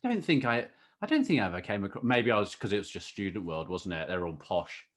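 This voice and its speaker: A man's voice: lowish voice, quick pace. A man hosting a podcast in casual, teasing chat. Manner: playful, teasing, animated. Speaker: podcast host.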